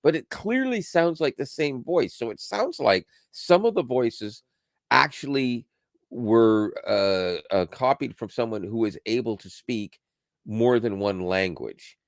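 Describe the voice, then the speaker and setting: A man's voice: medium pitch, expressive, a little slow, gravelly, no room sound, clean studio sound. A man co-hosting a podcast, chatting casually about tech, rambling and correcting himself as he goes and laughing often. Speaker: podcast co-host.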